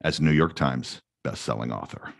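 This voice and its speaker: A man talking as a guest on an interview show, telling stories in a lively, self-correcting way. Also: normal speed, gravelly. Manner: animated storyteller, self-correcting, jumps to a high voice. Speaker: guest actor promoting a book. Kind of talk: casual interview chat.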